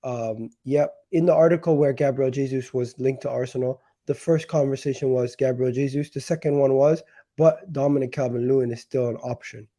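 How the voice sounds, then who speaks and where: A man hosting a casual football talk show, sounding sick and nasal, talking haltingly with many restarts. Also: medium pitch, fairly even intonation, mellow. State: sick, nasal and deeper than usual. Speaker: football channel host.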